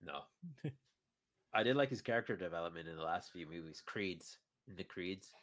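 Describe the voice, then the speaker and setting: Podcast co-host, male, lowish voice, rambling casual chatter with chuckles. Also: lively intonation, moderate pace, fairly bright tone. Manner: rambling, chuckles between points. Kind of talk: casual chat.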